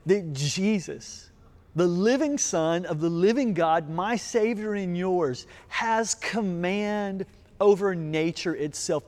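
High-voiced pastor preaching. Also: male voice, a little mellow. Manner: earnest preaching with rising emphasis and rhetorical questions. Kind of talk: sermon.

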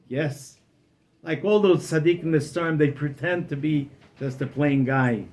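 A man telling a story as a rabbi, with animated narration. His voice sits fairly high for a man and swings between loud and hushed passages. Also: measured pace. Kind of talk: oral storytelling.

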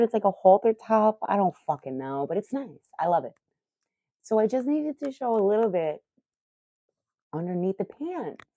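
Low-voiced excitable middle-aged woman. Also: moderate pace, no room sound, muffled recording. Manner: excitable, profane, rambling. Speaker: vlogger. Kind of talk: casual chat.

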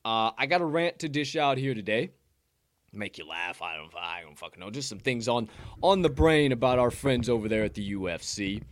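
Chicago guy hosting his betting pod from home, hyped and rambly, swears a lot, mid pitch, dry close mic. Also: lively intonation, normal speed, dry recording. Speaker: sports betting podcast host. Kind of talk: casual solo live-stream talk. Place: home condo.

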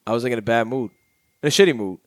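A man's voice: medium pitch, rapid-fire, no echo, clean studio sound. A young man hosting a casual podcast, bantering and swearing with friends. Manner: joking, swearing, laid-back banter. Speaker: podcast host. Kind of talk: casual chat.

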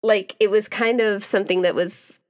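A woman's voice: medium pitch, fairly even intonation, moderate pace, faint music behind. Young woman co-host, chiming in. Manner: chiming in, finishing her co-host's sentences. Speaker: podcast co-host. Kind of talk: casual chat reviewing romance novels.

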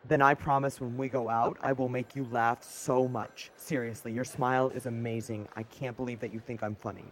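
A man acting in a comedy sketch, eager, flattering and awkward. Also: mid-range voice, a little fast. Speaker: sketch actor.

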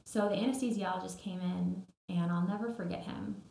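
A woman's voice: on the low side, fairly even intonation, a little fast, creaky, dark tone. A young woman telling her own story as a podcast guest, earnest and tender, with frequent fillers. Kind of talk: personal story in interview. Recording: echoey room.

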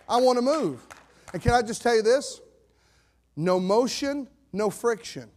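A male pastor preaching a sermon, swinging between shouted declarations and low, steady scripture reading. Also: a little slow.

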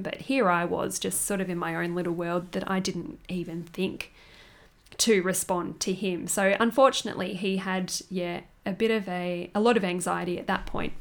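A young woman hosting a podcast, telling a personal story candidly and emotionally, laughing often. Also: mid-range voice. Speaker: podcast host.

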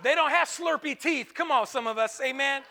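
High, bright-voiced preaching man. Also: brisk, a faint crowd, slight background noise. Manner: impassioned preaching, swinging from hushed to shouted; repetitive call-and-response phrasing. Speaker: pastor. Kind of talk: sermon.

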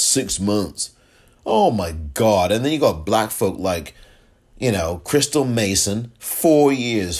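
A man hosting a solo political podcast, ranting with exasperation, swearing freely and throwing in sarcastic asides. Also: medium pitch. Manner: animated, exasperated, profane, quick sarcastic asides. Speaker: podcast host.

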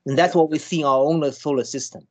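Halting man explaining with many restarts. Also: fairly high pitch, steady tone, a little mellow. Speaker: scientist guest. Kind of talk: conversational explanation.

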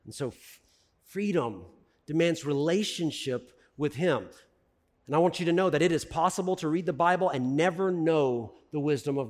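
A middle-aged man preaching a sermon as a pastor, animated, swinging between loud emphasis and hushed asides. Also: a little high. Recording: long reverb of a large hall.

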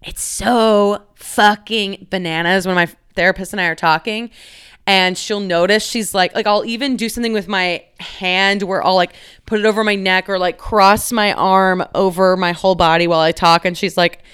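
A woman's voice: medium pitch, fairly even intonation, moderate pace, a bit bright, clear, resonant tone. A young adult woman hosting a casual solo podcast, talking candidly in a rambling way, with many fillers and free swearing. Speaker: podcast host.

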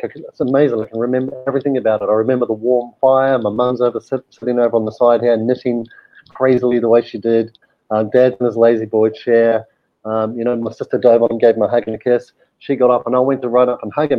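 A man's voice: medium pitch, dry recording, muffled recording. A middle-aged man, a guest telling his life story candidly, with frequent fillers and swearing. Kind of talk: personal storytelling.

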